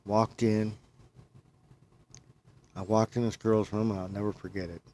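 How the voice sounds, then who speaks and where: Chatting casually, a man spins out a long personal story that wanders and circles back, frequently quoting what he himself said. His fairly low, slightly mellow voice stays flat and unhurried.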